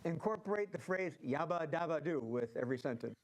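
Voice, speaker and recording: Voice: mid-range voice, expressive, fairly quick, a little hiss or hum, rough recording. The host of an improv game, calling out prompts and directing the players in an upbeat way.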